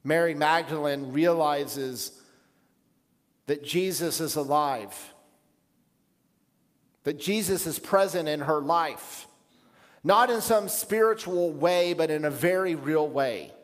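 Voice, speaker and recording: Reflective male pastor in echoing hall. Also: on the high side. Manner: measured, reflective preaching with pauses. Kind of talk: sermon.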